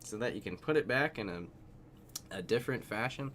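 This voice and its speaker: A man's voice: lowish voice, animated, normal speed, fairly bright tone, slight background noise. A man streaming live, making sarcastic remarks and laughing while talking back at a video. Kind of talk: casual live-stream commentary.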